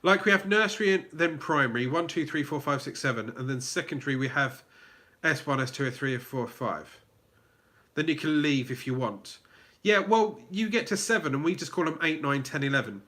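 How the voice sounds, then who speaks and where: A man's voice: on the high side, expressive, a little fast, sharp tone. A man with a southern English accent hosting a casual live Q&A, chatting, reading out viewer comments and restarting his sentences. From England. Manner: chatty, reads chat aloud, many fillers and restarts. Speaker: livestream host.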